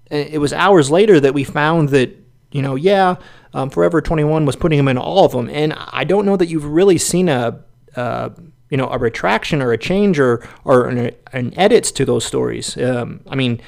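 A man's voice: fairly high pitch, vocal fry. A man co-hosting a political podcast, giving casual opinionated commentary with many ums and restarts. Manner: opinionated, dismissive. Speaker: podcast co-host.

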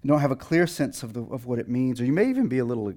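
A man's voice: medium pitch, lively intonation, rapid-fire, mellow. A man from Texas with a light Texan accent, a pastor giving a conversational sermon full of fillers and restarts.

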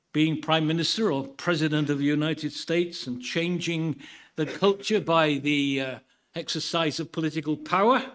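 In a church sermon, a man from the UK reads from the Bible in a measured way, then shifts into laid-back remarks with a dry sense of humour. His pitch is fairly high.

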